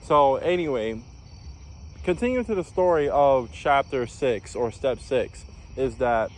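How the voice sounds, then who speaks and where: A man's voice: mid-range voice, lively intonation, a little slow, slight background noise. A young man from New York, a former navy recruit, telling his story in a casual vlog with lots of fillers and restarts. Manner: rambling, many fillers and restarts.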